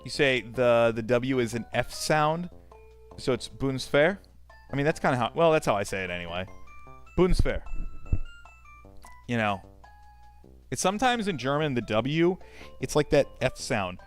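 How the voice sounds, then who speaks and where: A man's voice: mid-range voice, expressive, moderate pace, soft background music. A man streaming a game, chatting casually and swearing often as he reads chat aloud and rambles. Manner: profane, rambling, talks to chat.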